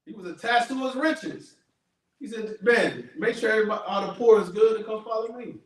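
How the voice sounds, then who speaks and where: A man with a high, ringing voice preaches loudly, repeating each verse in blunt slangy street talk and calling for the next one. The recording is echoey and he sounds set back from the mic. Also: brisk, far from the mic. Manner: loud, emphatic, repeats and paraphrases verses, slangy. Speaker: street preacher teaching scripture. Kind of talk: street sermon with call and response.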